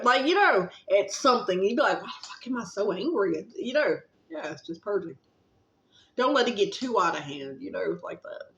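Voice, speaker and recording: A woman vlogger giving a casual, rambling spiritual pep talk, gently encouraging and affectionate, with plenty of fillers and a little casual swearing. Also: mid-range voice. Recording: roomy, slightly dull recording.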